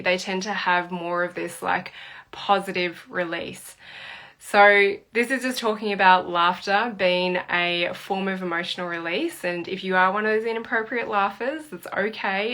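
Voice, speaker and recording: A woman in her thirties shares stories from her body work practice in a relaxed, chatty way. Her voice is bright and forward, and her pitch sits in a middle range. She tells anecdotes easily, with small fillers between thoughts. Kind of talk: casual talk to camera.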